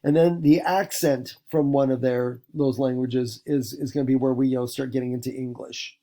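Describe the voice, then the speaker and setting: A man's voice: medium pitch, fairly even intonation, normal speed, dark tone. A middle-aged man from the Pacific Northwest teaching a recorded lecture, rambling with many fillers and restarts.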